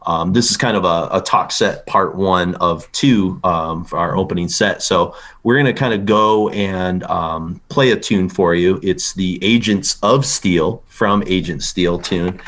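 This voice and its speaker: Deep-voiced man, rambling casual chat. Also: a little slow, hardly any pauses, fairly bright tone. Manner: rambling, lots of fillers and restarts. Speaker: podcast host.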